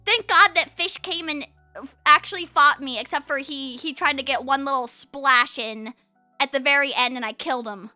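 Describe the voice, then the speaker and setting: A young woman streaming at home, chatting casually with her chat into a condenser mic, her voice swinging from high and excited to low and quiet. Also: moderate pace, no echo, faint music behind.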